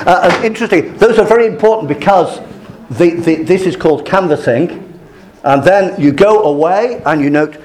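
A man's voice: high-pitched, normal speed. An older man giving a classroom lecture, telling stories and acting out the people he quotes. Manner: lively, storytelling, acts out quoted voices.

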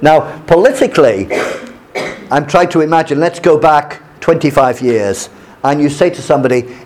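A man teaching by reading a news article aloud and explaining it, pausing often with fillers. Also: fairly high pitch, darkish tone. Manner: halting explanations with many fillers between read passages.

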